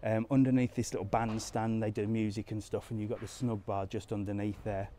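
A man's voice: on the low side, little pitch movement, fairly quick, dark tone. A man live-streaming a walking tour of a resort town, chatting casually and answering comments as he goes. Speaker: travel vlogger on a live walk. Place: outdoors in a resort town streets and squares.

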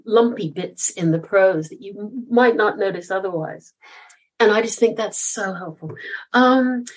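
An older woman chats as a podcast guest in a husky, slightly breathy voice. She tells stories animatedly and pokes fun at herself as she goes. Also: mid-range voice, rough recording. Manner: chatty, self-deprecating, animated storyteller. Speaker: guest author and former cellist. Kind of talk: podcast interview.

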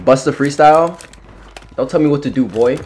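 A man's voice: mid-range voice, fairly quick, very noisy. A young man streaming a video game, chatting casually with his viewers in a playful, teasing way, full of slang and repeated phrases. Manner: slangy trash talk to chat. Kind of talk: casual live-stream chat.

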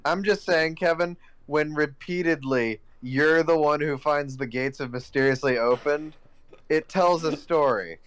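A man's voice: a little high, unhurried, a bit bright, clean tone. A man in casual gaming banter, dry and sarcastic, teasing his friend. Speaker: gamer co-streaming.

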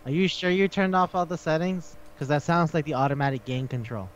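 A man's voice: a little high, a little fast, muffled recording, a little hiss or hum. A man co-hosting a casual podcast chat, rambling and laughing, with lots of swearing. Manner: laughing, profane, rambling retelling. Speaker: podcast co-host.

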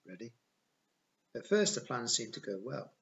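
A man's voice: medium pitch, sing-song, moderate pace, gravelly, fairly bright tone, highs cut off. A man reading a novel aloud as an audiobook, narrating plainly in the first person. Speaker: audiobook reader.

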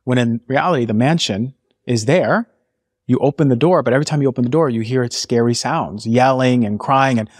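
A man's voice: medium pitch, fairly quick, dry recording, clean studio sound. A man speaking as a naturopathic doctor guest on a podcast, impassioned, voicing inner thoughts aloud. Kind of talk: conversational podcast interview.

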